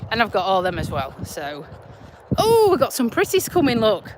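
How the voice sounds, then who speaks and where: A woman's voice: medium pitch, very animated, brisk, noisy background. A woman with a Yorkshire-Lincolnshire accent, chatting casually and bluntly on a live stream while out walking her dog, talking into a handheld phone. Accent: Yorkshire-Lincolnshire English. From Lincolnshire, England. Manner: chatty, laughing, broad and blunt. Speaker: vlogger, nurse. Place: outdoors on a country walk.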